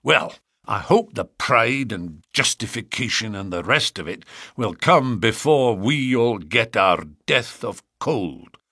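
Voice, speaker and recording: A man reading an audiobook, voicing a gruff, impatient police inspector who talks in a blunt, grumbling way. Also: medium pitch, huge pitch swings, normal speed, hardly any pauses, fairly bright tone, dry recording, studio quality, full character voice.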